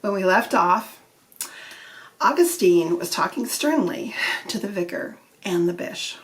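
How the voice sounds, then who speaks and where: A woman narrating a comic story aloud for her channel, in a calm, even storytelling manner. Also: fairly low pitch, gravelly, far from the mic. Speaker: audiobook narrator.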